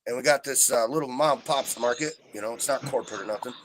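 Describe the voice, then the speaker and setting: A man's voice: mid-range voice, quick pace, slight background noise, rough recording. A man telling a story in casual chat, profane and fuming, in a rambling rant. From Southern Oregon coast, USA. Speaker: livestream chat participant. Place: trailer park home.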